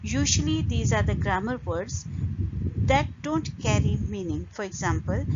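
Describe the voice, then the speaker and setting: A woman giving an English pronunciation lesson, explaining rules slowly and modelling words with pauses between phrases. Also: mid-range voice, animated. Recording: dull lo-fi recording with loud noise.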